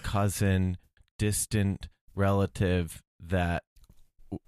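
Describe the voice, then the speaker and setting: A man's voice: low-pitched, flat delivery, very slow, darkish tone, clear, resonant tone, no echo, clean studio sound. A man co-hosting a casual podcast chat, laughing often. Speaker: podcast co-host.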